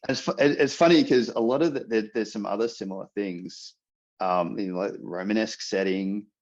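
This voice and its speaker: A man's voice: lowish voice, normal speed. A man speaking as an author guest on a podcast, hesitant, with many fillers and restarts. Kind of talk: casual podcast interview. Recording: dull lo-fi audio.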